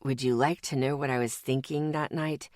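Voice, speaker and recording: A woman voicing a sinister male demon that speaks in a man's voice, taunting and hissing in slow, menacing phrases from an audiobook. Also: very deep voice, fairly even intonation, darkish tone, dry recording, clean studio sound, pitched below the performer's own voice.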